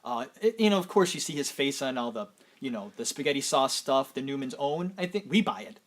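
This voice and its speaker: A man's voice: medium pitch, animated, fairly quick. A man casually chatting as a podcast host, enthusiastic and rambling, with the odd swear. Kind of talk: casual chat.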